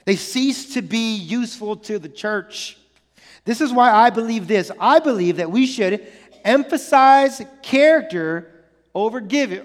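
High-voiced preacher in a big reverberant hall. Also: male voice. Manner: earnest, repetitive emphasis with many restarts. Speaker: pastor. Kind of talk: sermon.

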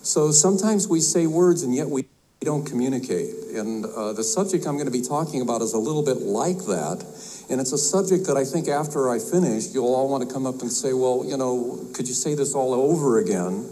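A man who is an herbalist giving a talk to health practitioners, folksy and halting, with many fillers and restarts. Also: medium pitch, animated, warm tone, low-quality recording. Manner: tells a joke with acted voices. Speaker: herbalist speaker at a health conference.

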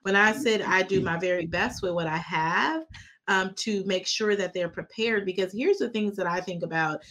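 A woman's voice: mid-range voice, normal speed, a bit bright. A woman co-hosting a nursing podcast, a nurse educator who jokes along and then talks earnestly about teaching. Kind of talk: casual podcast banter.

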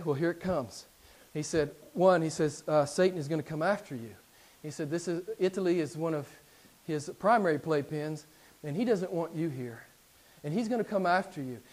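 A middle-aged man preaching a sermon to his congregation in a church, dropping into hushed low passages and rising to loud, emphatic declarations. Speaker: pastor. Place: church sanctuary.

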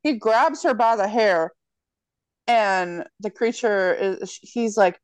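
On a dry recording, a woman talks slowly and smoothly in a mid-range voice. She co-hosts a podcast and recaps a film in casual conversation, swearing heavily and voicing quoted lines as she tells the story animatedly.

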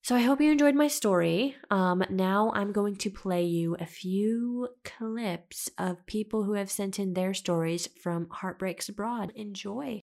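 A woman's voice: mid-range voice, measured pace, gravelly, hardly any pauses, darkish tone. A young woman hosting a podcast, telling a personal story in a chatty, dramatic way and swearing freely. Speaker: podcast host. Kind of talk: casual storytelling monologue.

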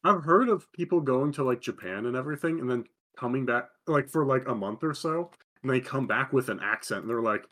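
A man co-hosting a casual podcast chat, tossing in quick jokes. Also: medium pitch, animated, a bit bright. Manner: joking, quick quips. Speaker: podcast co-host.

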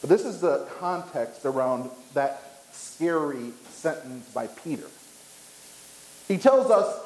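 A man preaching in a church with a fairly high voice and lots of echo around him. His delivery is emphatic, with dramatic pauses and a climbing pitch as he drives each point home. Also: lively intonation, a little mellow. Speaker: pastor. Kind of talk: sermon.

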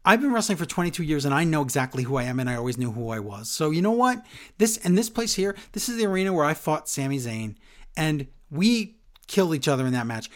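A podcaster reads out a defiant male wrestler's promo, loud, scornful and quick. The pitch leaps around as he jabs at his rival. It is everyday speech pushed into a boast. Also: very animated. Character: angry male wrestler cutting a heated promo.

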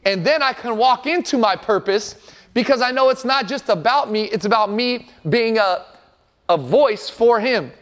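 Earnest high-voiced male pastor. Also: normal speed, a bit bright. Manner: earnest, emphatic, repeats phrases for effect. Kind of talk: sermon.

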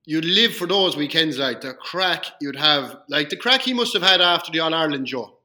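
A man hosting a casual chat who asks relaxed questions and throws in quips. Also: a little high, normal speed. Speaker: host.

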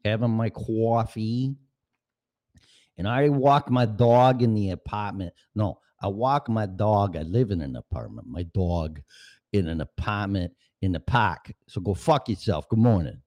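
Deep-voiced man ranting on his podcast. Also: a little slow, darkish tone. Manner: profane, rambling rant. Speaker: podcast host. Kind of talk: casual rambling monologue. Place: apartment at home. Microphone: studio mic with headphones.

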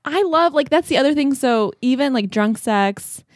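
A woman's voice: high voice, expressive, normal speed, dry recording, studio quality. A woman co-hosting a podcast, chatting playfully and bawdily with frequent laughter. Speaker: podcast co-host. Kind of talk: casual chat.

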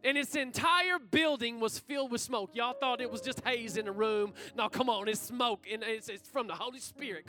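A man's voice: very high-pitched, sharp tone. A young man preaching a fervent sermon as pastor, calling out to his congregation. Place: church sanctuary.

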